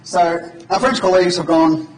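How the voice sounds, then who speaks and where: A man's voice: high voice, moderate pace, a little mellow. A man at a conference giving an informal, joking live coding demo to an audience in a large hall. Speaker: conference speaker. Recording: echoey hall from far off.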